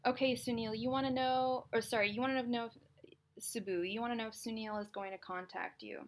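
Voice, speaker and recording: A woman's voice: on the high side, steady tone, a little fast. A woman reading tarot on a live stream, chatting in a rambling way with lots of fillers and restarts. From California. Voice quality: slightly gravelly voice. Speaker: tarot reader.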